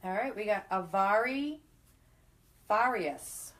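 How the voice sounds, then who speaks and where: A woman's voice: medium pitch, animated, slow, a bit bright. A woman co-hosting a live stream, reading viewer questions aloud in a plain, matter-of-fact way.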